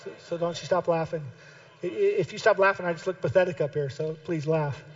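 High-pitched guy preaching hard, keeps repeating lines, gets shouty, muffled lo-fi sound. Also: brisk. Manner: impassioned, builds to shouted exhortation; repeats key phrases for emphasis. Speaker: pastor. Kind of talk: sermon. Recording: dull lo-fi recording.

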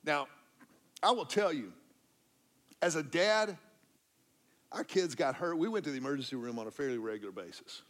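A middle-aged man, preaching a sermon as pastor and telling a story, dropping to a hush when he quotes himself comforting someone. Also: fairly high pitch, animated, moderate pace, long pauses.

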